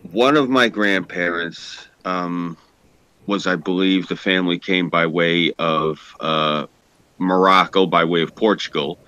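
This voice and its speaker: A man's voice: deep voice, pushed and bright, no room sound. A man with a New York accent chatting casually, rambling with lots of fillers and swearing. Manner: rambling, profane, hesitant. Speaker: podcast co-host. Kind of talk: casual chat.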